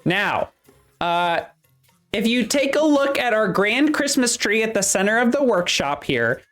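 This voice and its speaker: A game master voicing a chipper workshop supervisor at Santa's workshop, talking with a Midwestern accent in hurried tour-guide patter. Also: medium pitch, sing-song, a bit bright, soft background music, pitched above the performer's own voice. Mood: upbeat. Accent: Midwestern American.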